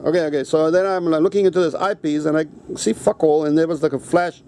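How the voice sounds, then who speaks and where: A man vlogging an angry story in a profane, halting rant. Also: fairly high pitch, fairly even intonation, dark tone, slight background noise. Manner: profane, ranting, halting with restarts; switches into Mandarin.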